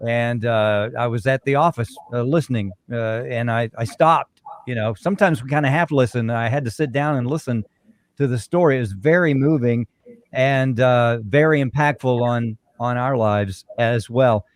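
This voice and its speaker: A male radio host introducing his guest and asking questions in a measured, reflective way, with frequent uhs. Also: medium pitch. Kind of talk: radio talk show hosting.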